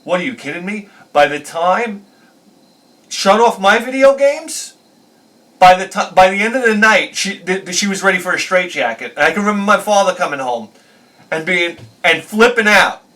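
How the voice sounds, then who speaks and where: A man with a bright, somewhat high voice tells long, rambling stories. He swears freely and laughs at his own jokes. He sits a bit back from the microphone. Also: distant mic. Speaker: retro game channel host. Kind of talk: rambling storytelling review.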